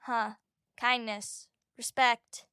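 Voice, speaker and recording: Shy odd schoolboy, woman doing the voice, slow halting, keeps repeating words, a bit lower than her own. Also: level tone, bright, forceful tone, clean tone, dry recording, clean studio sound, heavily acted. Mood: puzzled.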